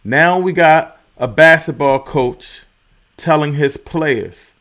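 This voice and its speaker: A man's voice: on the high side, slow pace, fairly bright tone. A man hosting his own commentary show, talking casually and repeating key phrases for emphasis. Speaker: host of a commentary channel.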